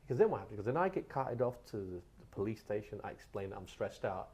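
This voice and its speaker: A middle-aged man from England, a guest telling animated stories in a casual podcast chat. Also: on the low side. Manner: animated storyteller, quick and lively. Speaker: guest author.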